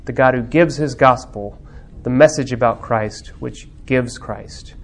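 A man's voice: medium pitch, unhurried, hardly any pauses. Fervent man teaching a Bible class. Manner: reflective, with many fillers, rises to fervent emphasis. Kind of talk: lecture on theology and religious art.

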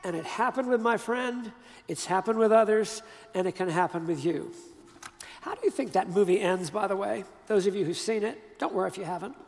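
An older man giving a sermon, telling a personal story in an emphatic, conversational way with pauses and restarts. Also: sits high, vocal fry, in a large hall. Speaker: preacher.

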